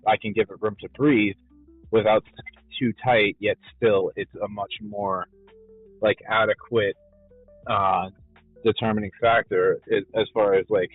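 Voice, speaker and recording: A man with a lowish voice walks through his trading method in a halting, filler-heavy way, often restarting his sentences. His voice comes through a narrow, phone-like channel with faint music behind it. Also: fairly even intonation. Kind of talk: casual explanation of trading strategy.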